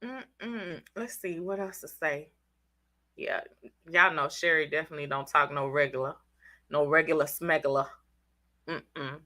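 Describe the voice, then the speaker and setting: Bright, chatty Southern woman. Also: sits low, unhurried, long pauses. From Southern United States. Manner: chatty, slangy, teasing viewers by name. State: congested. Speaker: channel host reading live chat. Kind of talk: casual live-stream chat.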